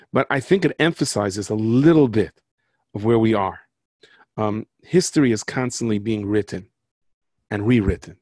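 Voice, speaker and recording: A man's voice: on the low side, a little mellow, no room sound, clean studio sound. A man telling stories and parables in a rambling, conversational way that often breaks off and restarts. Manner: rambling, conversational, self-interrupting. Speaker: speaker, storyteller. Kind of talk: storytelling talk with jokes and parables.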